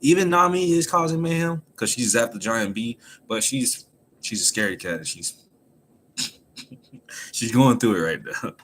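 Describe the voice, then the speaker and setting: A man streaming a casual chapter recap from home, animated and laughing often as he acts out the characters. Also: mid-range voice, a little slow, long pauses, slight background noise. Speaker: anime chapter reviewer, streamer. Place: home room.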